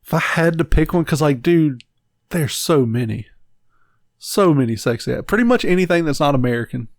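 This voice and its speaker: A man's voice: on the high side, animated, moderate pace, no room sound. A man co-hosting a podcast, rambling bluntly with frequent swearing in casual chat. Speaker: podcast co-host.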